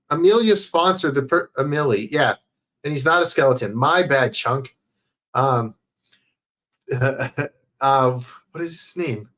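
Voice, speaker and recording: A male streamer speaks through a headset mic in an unhurried, rambling way. His voice sits slightly high, and he swears casually and fills gaps with hesitations. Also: a bit bright. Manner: rambling, swears often, many fillers. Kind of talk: casual livestream chat.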